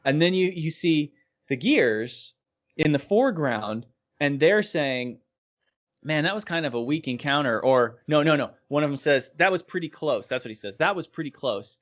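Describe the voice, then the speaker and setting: A man's voice: fairly high pitch, expressive, normal speed. A man co-hosting a podcast, enthusiastically describing an anime scene and quoting characters. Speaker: podcast co-host. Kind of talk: casual anime discussion.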